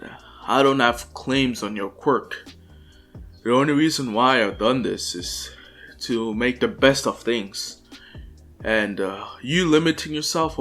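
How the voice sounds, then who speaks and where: A man voicing a young hero in his father's body, speaking calmly in a lowered, lecturing tone.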